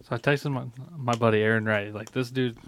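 A man's voice: medium pitch, fairly even intonation, a little fast, fairly bright tone. A man co-hosting a casual talk show, chatting in a laid-back, loose way. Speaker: podcast co-host. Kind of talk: casual chat.

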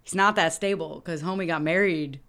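Young female co-host, lowish pitch, lively casual chat, salty language. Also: a little fast. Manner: animated, swearing, acts out movie characters. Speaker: podcast co-host.

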